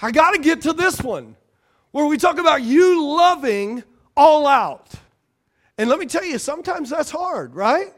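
A man with a strikingly high voice delivers a sermon. He leads the congregation in call-and-response, jokes along the way and repeats key phrases for emphasis. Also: animated, a little slow, a bit bright. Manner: call-and-response, playful preaching with laughs. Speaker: pastor.

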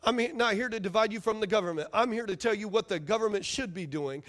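A man's voice: high-pitched, quick pace, a bit bright. A man preaching a sermon as pastor, emphatic and fiery, firing rhetorical questions at his congregation.

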